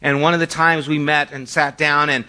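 This middle-aged pastor's voice is on the high side, level in tone, pushed and bright, at a moderate pace. He preaches conversationally, telling stories and poking fun at himself.

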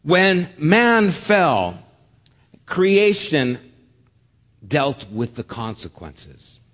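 A man preaching a sermon, telling a lively personal story with humor, then dropping soft and low for solemn points. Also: long reverb tail. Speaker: pastor.

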